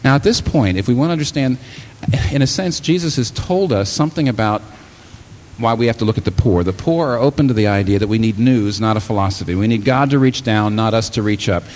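A man preaching a sermon in a church hall, animated and often taking on the voices of the people he quotes. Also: fairly low pitch, fairly quick. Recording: long hall reverb, faint room ambience.

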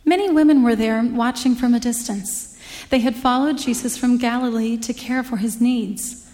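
A woman reading scripture aloud in a measured, formal way. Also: fairly high pitch, fairly even intonation, a little mellow, long reverb tail. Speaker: scripture reader.

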